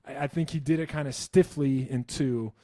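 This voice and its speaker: A man's voice: mid-range voice, steady tone, moderate pace, dark tone, no echo, studio quality. A man hosting a casual live stream, answering viewer questions in a rambling, self-interrupting way with wry enthusiasm.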